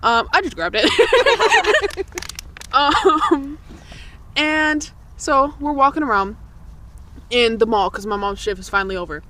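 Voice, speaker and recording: A young woman co-hosting a podcast, telling childhood stories in casual chat, swearing freely and jumping up in pitch when she quotes people. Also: big pitch swings, slow pace, long pauses, background noise. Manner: swearing, laughing, jumps high for quoted voices. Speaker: podcast co-host.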